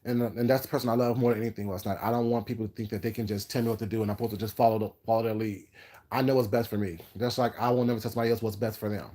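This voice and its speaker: A man's voice: fairly low pitch, level tone, racing, dark tone. Male vlogger, casual storytelling, rambling and sassy, brash and confident delivery. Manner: rambling, jumps between topics; brash, sassy and self-assured. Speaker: food vlogger.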